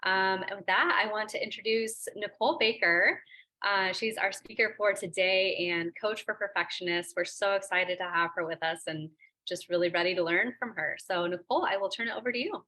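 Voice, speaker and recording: A woman's voice: mid-range voice, brisk, bright, forceful tone. A woman hosting a business webinar, opening the session in a friendly way with many filler ums, over a video call. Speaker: webinar host. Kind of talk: webinar introduction.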